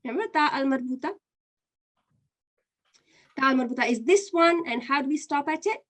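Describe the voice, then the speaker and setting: A woman's voice: high-pitched, normal speed. A woman teaching an online Qur'an reading lesson, patiently explaining step by step and running a quiz.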